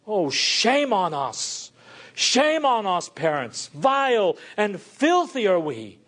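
Preaching a sermon with fervor, a man speaks slowly with huge pitch swings. He climbs to pleading questions, then drops low and quiet to drive his points home.

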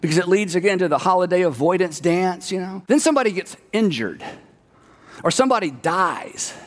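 A man with a high voice preaches a sermon, animated and conversational, slipping into the voices of the people he describes. His words ring out with a long echo, like a big hall. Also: a little fast. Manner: animated, acts out quoted voices. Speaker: pastor.

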